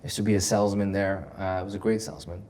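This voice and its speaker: A man's voice: fairly low pitch, level tone, very fast, warm tone. A man, a comedian guest on a podcast, telling stories animatedly, often repeating words and laughing. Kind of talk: emotional podcast conversation. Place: podcast studio.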